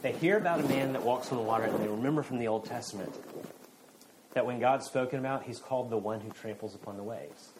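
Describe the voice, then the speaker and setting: A man preaching a sermon, earnestly, with rising emphasis and then quiet intensity. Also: mid-range voice, quick pace, background noise. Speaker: pastor.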